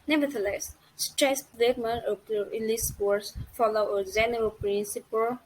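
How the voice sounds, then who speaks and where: A woman student giving a class presentation, reading slowly and carefully and spelling out letters one by one. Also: fairly high pitch, slight background noise, low-quality recording.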